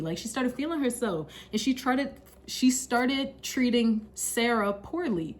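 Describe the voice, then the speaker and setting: A woman's voice: a little high, expressive, measured pace. A young woman casually retelling a Bible story in a slangy, chatty way, laughing often. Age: young adult. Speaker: Bible study vlogger. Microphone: camera mic.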